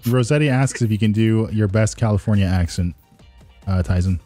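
A man streaming a shooter game, chatting casually, excitable, swearing and laughing a lot. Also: lowish voice, moderate pace, no room sound, faint music behind. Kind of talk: casual gaming chat.

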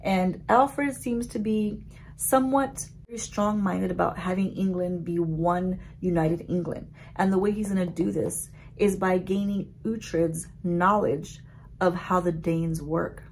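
A woman beauty vlogger recapping a story in a chatty, animated way, with casual swearing. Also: lowish voice, a little slow, a little hiss or hum.

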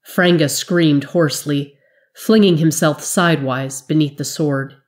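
A woman narrating a fantasy story in a measured, dramatic storytelling manner. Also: sits low, darkish tone. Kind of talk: scripted fiction narration.

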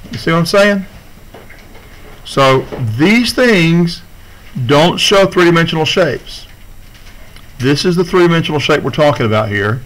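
A man's voice: medium pitch, fairly bright tone, rough recording. A man teaching a class video lesson, talking students through each step on screen in a casual, checking-in way.

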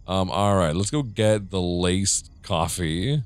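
A man's voice: low-pitched, takes it slowly, few pauses, dry recording, faint music behind. A man from the United States giving rambling, profane let's play commentary, with jumpy reactions as he plays a horror game. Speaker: gamer.

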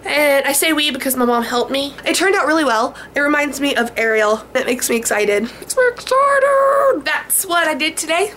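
Bubbly high-voiced young woman vlogging. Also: fairly quick, few pauses, a little hiss or hum. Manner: bubbly, excited, chatty with fillers. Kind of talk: casual vlog chat. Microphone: camcorder.

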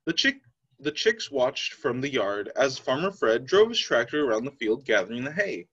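Lively male teacher reading aloud. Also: mid-range voice, moderate pace, husky. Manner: expressive, lively storytelling. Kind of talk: children's read-aloud. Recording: slightly dull lo-fi sound.

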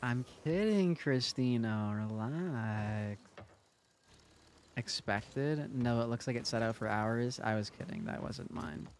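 A man's voice: mid-range voice, slow, a little hiss or hum. A young man streaming a game who chats casually with viewers, teasing and joking between plays. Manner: joking, teasing, chatty asides to chat while playing.

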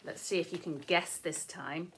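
A woman's voice: lowish voice, steady tone, normal speed, slight background noise. A woman teacher giving a playful, sing-song lesson to young children.

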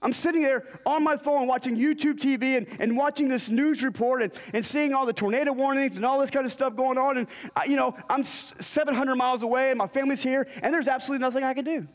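A man's voice: extremely high pitch, steady tone, fast talker, hardly any pauses. A man preaching a sermon in a church, telling a scripture story and acting out the characters' lines. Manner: storytelling, acts out the dialogue in scripture. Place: church sanctuary. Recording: long hall reverb.

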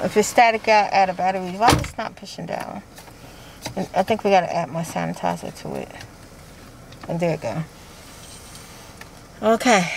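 A woman's voice: mid-range voice, a little hiss or hum, poor audio. Chatty woman vlogging from her car. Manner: chatty, rambling, laughs often. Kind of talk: casual vlog chat.

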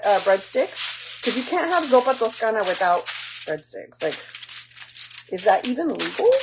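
A woman's voice: mid-range voice, background noise. A woman chatting casually as she walks through a home recipe, rambling and teasing herself with lots of fillers. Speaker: home cook vlogger. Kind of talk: casual cooking tutorial.

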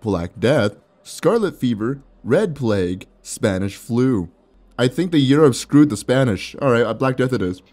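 A man's voice: medium pitch, lively intonation, measured pace, darkish tone. A young man with a sore mouth giving playful let's play commentary, joking, laughing often and reading game text aloud. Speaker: gaming YouTuber.

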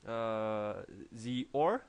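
A man with a French accent explaining programming logic in a tutorial, halting with many fillers and restarts. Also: mid-range voice, lively intonation, clear, resonant tone. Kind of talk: screen-recorded coding tutorial.

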